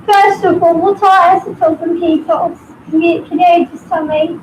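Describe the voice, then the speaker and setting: Young woman, high voice, halting casual study talk, faint room noise. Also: steady tone, reverberant, rough recording. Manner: hesitant, halting, thinking aloud. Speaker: student.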